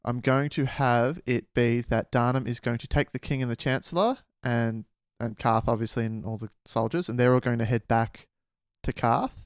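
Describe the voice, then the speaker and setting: A man's voice: medium pitch, steady tone, moderate pace, clean tone, dry recording, clean studio sound. A man co-hosting a casual book podcast, rambling and joking with lots of fillers, with a slight head cold. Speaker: podcast co-host.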